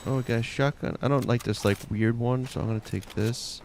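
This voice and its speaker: Long island guy talking thru a game, kinda gravelly, loud game noise behind him. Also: mid-range voice, fairly even intonation, brisk. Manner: chatty, mutters to himself while looting. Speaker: game streamer. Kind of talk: casual gameplay commentary.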